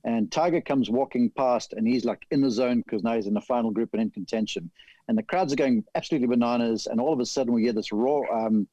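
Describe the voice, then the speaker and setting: Man, golf analyst, animated storyteller, mellow tone, dry sound. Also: mid-range voice, fast talker, dry recording, lo-fi sound. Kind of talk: casual podcast chat.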